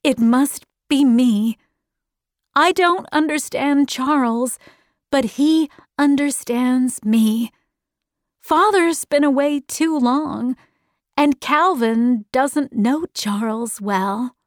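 A woman doing a pleading young girl, high and dry. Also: takes it slowly, no echo. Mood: resolved. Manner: urgent, pleading.

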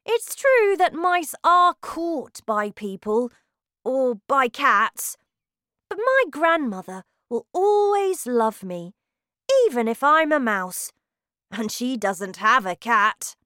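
A sensible young boy in a mouse's body, patient and reassuring, voiced by a woman reading a storybook. Her raised voice rises and falls a lot at an unhurried pace. The recording is dry and close. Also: sits high, sing-song, pushed and bright, dry recording, pitched above the performer's own voice, full character voice. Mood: thoughtful.

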